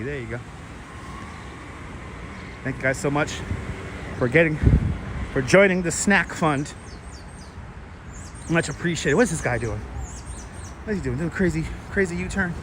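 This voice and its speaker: A man's voice: a little high, noisy background. A man hosting a casual walking livestream outdoors, chatting and thanking viewers for donations. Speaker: livestream host. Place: outdoors on city streets. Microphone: wireless clip-on mic, phone on gimbal.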